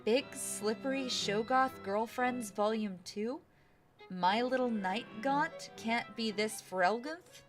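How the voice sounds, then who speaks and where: A woman's voice: a little high, slow pace, music in the background. A young woman streamer playing a game, reading its text aloud and commenting in a bemused, playful way.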